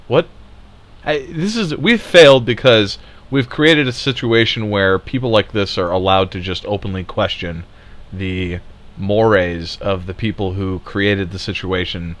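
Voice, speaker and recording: A man's voice: fairly low pitch, moderate pace, a bit bright. A man delivering an angry political rant, sarcastic and heated, swearing and laughing in scorn. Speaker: commentator.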